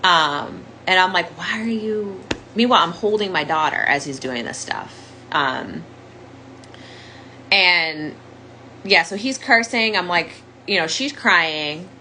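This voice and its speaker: A woman's voice: on the low side, slow pace, pushed and bright, a little hiss or hum, poor audio. A young woman candidly telling her own story as a survivor, in a conversational monologue full of "like" fillers. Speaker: domestic violence survivor sharing her story.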